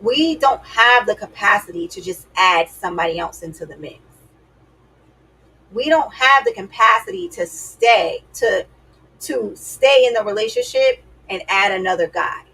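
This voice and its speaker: Gravelly, sassy woman giving advice. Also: medium pitch, expressive, measured pace, pushed and bright, poor audio. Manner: sassy, emphatic, addresses viewers as y'all. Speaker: dating advice vlogger. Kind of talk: casual advice talk to camera.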